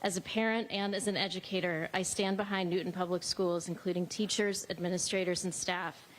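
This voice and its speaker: A woman parent reading a formal, measured statement at a public hearing. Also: on the low side, steady tone, slight background noise, rough recording. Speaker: parent speaker. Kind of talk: read public comment. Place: high school meeting hall.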